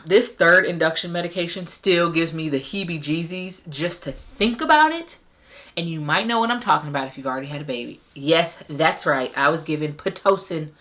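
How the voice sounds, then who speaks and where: A young woman vlogger casually telling her birth story to camera, animated and acting out the people she quotes. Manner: animated, acts out quoted voices with big pitch jumps. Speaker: parenting vlogger.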